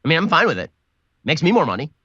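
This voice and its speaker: Commentator dude talking super fast, higher voice, mocking tone, dry muffled clip. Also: male voice, wildly swooping pitch, sharp tone, breathy edge, dry recording. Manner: mocking, sarcastic. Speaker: political commentator. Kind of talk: rapid-fire commentary.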